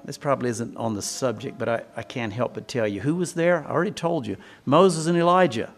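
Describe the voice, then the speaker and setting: A man's voice: medium pitch, fairly quick. A man preaching a sermon, retelling scripture as a story and asking the congregation questions.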